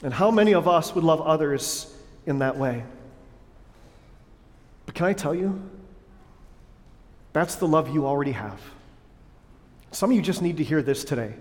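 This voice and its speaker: A high-voiced male pastor preaches an emphatic sermon, stacking lists of words one after another. His voice carries a long reverb through a large church sanctuary. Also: expressive, measured pace, long pauses.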